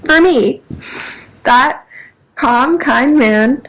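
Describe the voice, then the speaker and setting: Woman vlogger, high voice, casual rambling car chat with frequent laughter. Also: very slow, fairly bright tone, low-quality recording. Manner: chatty, laughs often, rambling with many fillers. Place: in a parked car.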